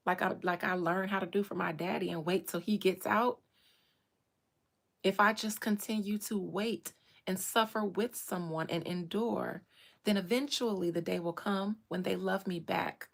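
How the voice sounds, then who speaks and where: Woman, emotional personal storytelling, repeats phrases for emphasis, medium pitch. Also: steady tone, measured pace, creaky.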